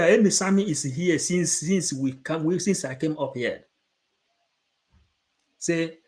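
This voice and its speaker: A man's voice: on the high side, slow, pauses often, darkish tone. A man preaching to supporters, emphatic and repetitive, moving between English and Igbo. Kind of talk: impassioned preaching.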